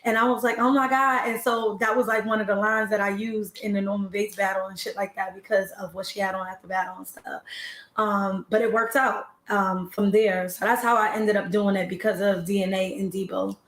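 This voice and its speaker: A woman's voice: mid-range voice, level tone, a little fast, echoey room. A woman battle rapper telling her story in a casual interview, laid-back and slangy with lots of fillers.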